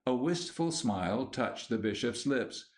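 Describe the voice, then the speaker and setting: A man reads an audiobook in calm, scripted narration. His pace is very slow and his delivery gentle and even. His pitch sits in a middling range.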